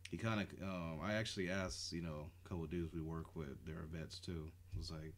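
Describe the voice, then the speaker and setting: A man co-hosting a podcast, chatting casually and swearing freely, getting animated when riled up. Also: low-pitched, fairly quick, hardly any pauses, a little hiss or hum. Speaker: podcast co-host. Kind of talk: casual chat.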